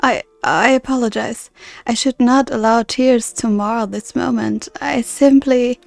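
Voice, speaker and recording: Woman reading reserved formal guardian woman, game dialogue, soft and measured, slightly high, gravelly, dry. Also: no echo, soft background music. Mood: earnest.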